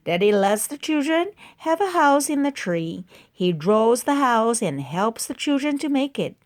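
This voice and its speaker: A woman reading a children's book aloud, slow and careful, with small slips. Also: on the high side, big pitch swings. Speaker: reader.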